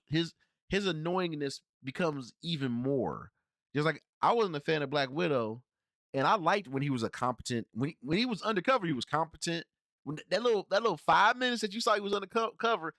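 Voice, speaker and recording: A man's voice: a little high, a bit bright, no echo, studio quality. A man hosting a casual film review podcast, talking in a slangy, rambling way with lots of restarts. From Cincinnati area, United States. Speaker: podcast host reviewing films.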